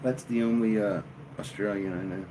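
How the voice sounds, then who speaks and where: A man hosting a live stream, chatting casually and joking with his viewers in a slow, drawling way. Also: on the low side, steady tone, background noise. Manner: slow, drawling, jokey banter with chat. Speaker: livestream host.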